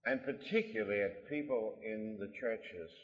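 A man preaching a sermon, emphatic, repeating his key lines and swinging between loud and soft delivery. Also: on the low side, moderate pace. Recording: lo-fi recording in a reverberant hall.

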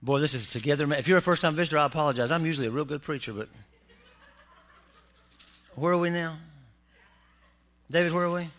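Guy preaching in church, keeps joking with the folks, bright ringing voice. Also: fairly high pitch, fast, long pauses. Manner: joking asides to the congregation. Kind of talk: humorous sermon. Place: church sanctuary.

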